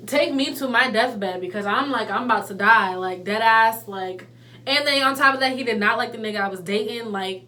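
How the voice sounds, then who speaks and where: A young woman telling a personal story in a casual, slangy, animated way. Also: mid-range voice, a little hiss or hum. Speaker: vlogger.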